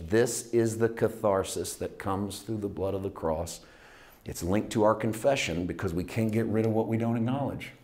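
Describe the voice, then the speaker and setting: A man preaching a sermon, swinging from hushed asides to loud, intense scripture readings, with folksy humor. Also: fairly low pitch. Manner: reads scripture aloud with rising intensity. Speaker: pastor.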